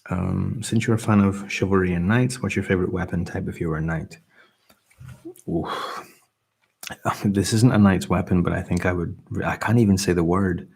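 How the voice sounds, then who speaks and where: A young man with a slight Scottish accent, hosting a relaxed livestream and chatting softly as he reads out and answers viewer comments. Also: low voice, normal speed, gravelly, breathy edge. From Britain. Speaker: ASMR livestream host. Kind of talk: casual soft-spoken live chat.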